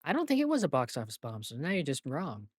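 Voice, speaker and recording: Lively, teasing podcast co-host man. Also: a little high, fast, breathy edge, dry recording, clean studio sound. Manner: playful quizmaster, teasing. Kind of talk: casual chat.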